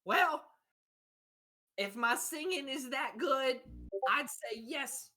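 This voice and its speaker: A woman's voice: high-pitched, expressive, takes it slowly, pushed and bright, soft background music, voice pushed up, heavily acted. A woman voicing a cheerful traveling male singer who boasts and chatters. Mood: boastful.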